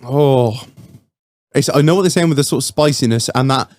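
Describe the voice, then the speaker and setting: A man's voice: mid-range voice, moderate pace, a little mellow, dry recording. A man hosting a podcast, chatting casually and rambling as he reviews a beer, swearing often. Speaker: podcast host.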